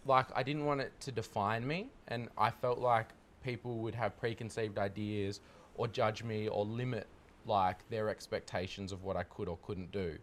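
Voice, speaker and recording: A man's voice: fairly low pitch, steady tone, normal speed. A man reflecting candidly and thoughtfully on honesty and vulnerability in a group conversation. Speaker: panel guest.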